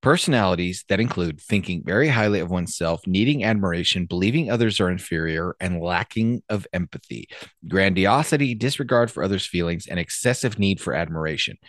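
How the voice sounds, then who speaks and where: A man's voice: sits low, animated, fairly quick, fairly bright tone, dry recording. Male podcast co-host, emphatic and swearing, dry close mic. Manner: blunt, profane, emphatic opinions. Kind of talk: casual podcast chat.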